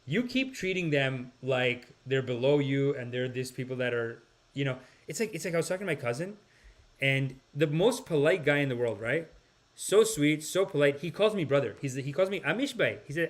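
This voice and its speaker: A man hosts a casual podcast, reading out viewer comments and rambling between them. He sighs and restarts often. His voice sits a little higher than most men's. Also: lively intonation, normal speed, a bit bright. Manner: rambling, sighing, slips into impressions. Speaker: podcast host.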